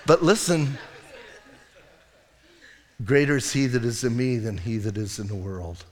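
A male pastor preaching a sermon, telling stories with lively acted quotes and laughter. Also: medium pitch, unhurried, big-room sound. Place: church sanctuary.

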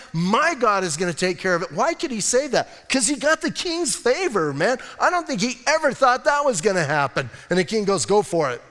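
High-voiced joking pastor in a reverberant hall. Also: male voice. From United States. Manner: casual, joking, animated preaching. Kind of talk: sermon. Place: church sanctuary.

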